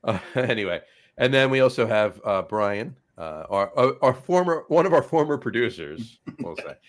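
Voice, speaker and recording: A man's voice: mid-range voice, very animated, normal speed. New guy rambling on his beer podcast, keeps losing his place. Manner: rambling, loses his place, chuckles often. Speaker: podcast co-host. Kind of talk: casual chat.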